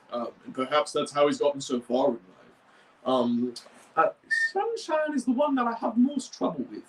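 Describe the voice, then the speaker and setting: A man's voice: fairly high pitch, sing-song, normal speed, far from the mic, rough recording. A young man hosting a model-building video, chatting casually and rambling with frequent restarts. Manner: rambling, many fillers and restarts. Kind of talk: casual chat.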